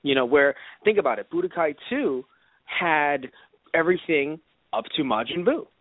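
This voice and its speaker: A man's voice: fairly high pitch, moderate pace, no echo. A man co-hosting a live radio show, chatting casually and animatedly. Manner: animated, enthusiastic rambling. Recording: tinny phone-like sound, dry.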